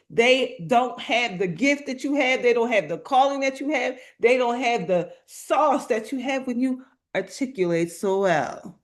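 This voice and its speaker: A woman speaker preaching to an online live audience, slow and emphatic, repeating her phrases in colloquial talk and calling out to the chat. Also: a little high. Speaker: motivational speaker.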